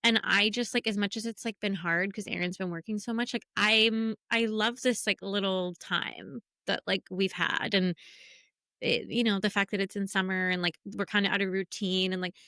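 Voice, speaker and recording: A woman's voice: mid-range voice, fairly even intonation, moderate pace, sharp tone, no room sound, clean studio sound. A woman in her thirties co-hosting a podcast, talking in a rambling, filler-heavy way and laughing easily. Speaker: podcast co-host. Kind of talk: casual chat.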